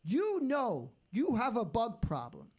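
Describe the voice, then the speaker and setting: A man doing a stand-up routine, delivering deadpan one-liners after slow setups. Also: very high voice, breathy edge. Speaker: stand-up comedian.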